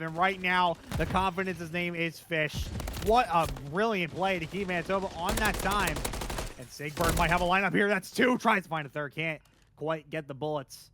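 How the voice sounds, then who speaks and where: A man calling play-by-play for a video game match, getting louder and quicker in the big moments. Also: sits high. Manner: fast, excitable, rising in big moments. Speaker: esports caster. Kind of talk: play-by-play commentary. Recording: noisy game audio behind.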